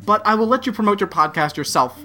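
A man's voice: high voice, lively intonation, fast, bright, forceful tone, faint music behind. A man hosting a podcast in casual, wry banter. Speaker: podcast host.

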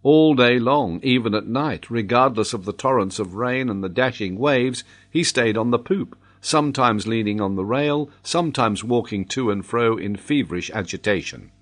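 A man reading a classic novel aloud in scripted narration. His delivery is measured and formal, with an even, mid-pitched voice. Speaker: audiobook narrator.

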